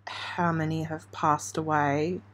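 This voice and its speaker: Woman, low voice, slow, hesitant, emotional, close to tears, live news commentary. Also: little pitch movement. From Australia. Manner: halting, emotional, hesitant with restarts. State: near tears. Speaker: true crime channel host.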